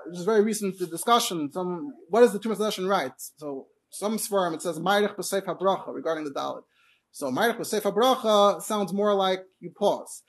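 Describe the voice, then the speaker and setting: Male Torah teacher. Talks fast and explains things with lots of asides. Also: high-pitched, slightly rough. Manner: rapid, explanatory, full of fillers and asides. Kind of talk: Torah class on Hebrew pronunciation.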